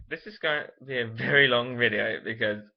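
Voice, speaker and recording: A young man talks straight to camera, candid and meandering, often stopping to correct himself. His voice sits at an ordinary middle pitch. The sound is a little dull and lo-fi, like a home video. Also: unhurried, vocal fry. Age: late teens. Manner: rambling, many fillers and self-corrections, candid. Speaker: vlogger. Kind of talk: casual personal storytelling to camera.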